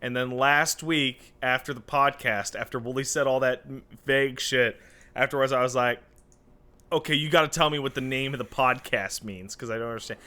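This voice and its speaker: A man's voice: medium pitch, normal speed, sharp tone. A man co-hosting a podcast in casual chat, making wry, joking asides. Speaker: podcast co-host.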